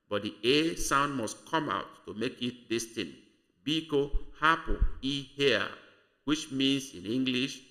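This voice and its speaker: A man with a Nigerian accent, teaching a language lesson in a slow, patient way. His voice is bright and forward, and he says each word more than once so learners can follow. The pace is unhurried throughout. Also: medium pitch, lively intonation. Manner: slow, deliberate teaching, repeating words for learners. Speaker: language tutor.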